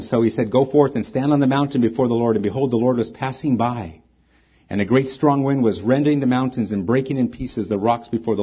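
A man preaches a sermon, his voice a little husky and worn at the edges. He reads scripture with building emphasis, then talks plainly to his listeners. The recording sounds dull and lo-fi. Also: mid-range voice. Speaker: pastor.

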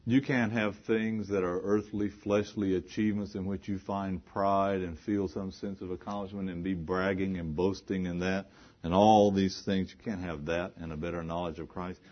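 A man with a very low voice preaches a sermon, pressing his points through repetition and rhetorical questions. The recording is dull and lo-fi, with the top end muffled. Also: little pitch movement, normal speed.

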